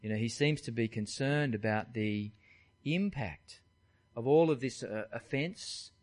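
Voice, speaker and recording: A man's voice: medium pitch, a little slow, darkish tone. A man, preaching by talking through a Bible passage verse by verse in a conversational way. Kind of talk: expository Bible teaching.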